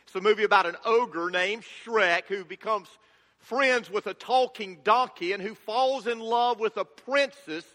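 A man's voice: extremely high pitch, sharp tone, long reverb tail. A male pastor preaching a sermon with enthusiastic, folksy humor.

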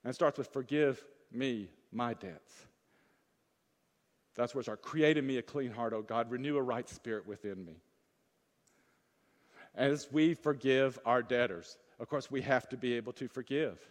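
A pastor preaches a sermon at normal speed, swinging between loud, urgent peaks and soft, low asides, with long pauses. He puts questions to the congregation. The church hall adds a long reverb.

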